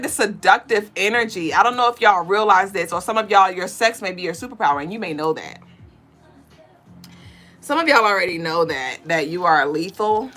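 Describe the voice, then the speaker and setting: A woman hosting a casual live-stream tarot reading, chatty, slangy and cursing freely. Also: mid-range voice. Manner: loud, excitable and profane, bursting into laughing shouts; chatty and slangy, cursing freely while she reads cards.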